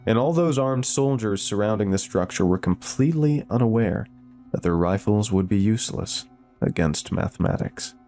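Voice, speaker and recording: A man narrating a scripted horror story in a steady, measured way. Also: fairly low pitch. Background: faint music.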